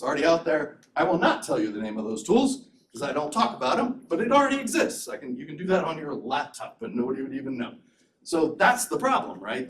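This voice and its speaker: Lively middle-aged man giving a conference talk. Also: high voice. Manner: animated, conversational, rhetorical questions. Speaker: conference speaker. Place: lecture hall. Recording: echoey room, distant mic.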